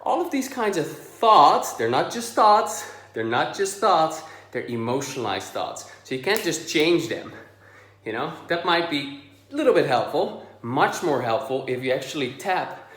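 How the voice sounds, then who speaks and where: A man coaching on camera about social anxiety, a little out of breath, talking in a relaxed, chatty way with many fillers and pauses. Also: a little high. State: slightly out of breath. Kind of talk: direct-to-camera video lesson. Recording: echoey room.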